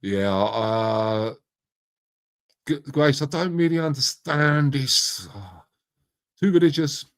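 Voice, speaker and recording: A man's voice: medium pitch, animated, slow, long pauses. A middle-aged man hosting a casual live stream, chatting matily with viewers by name and swearing freely. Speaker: live stream host reading chat. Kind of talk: casual chat.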